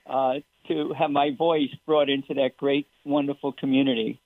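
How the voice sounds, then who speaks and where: A man's voice: mid-range voice, level tone, moderate pace, no echo. A man speaking as a sports psychologist guest on a radio show, earnest and emphatic, asking rhetorical questions. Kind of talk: phone-in radio interview. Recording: tinny phone line.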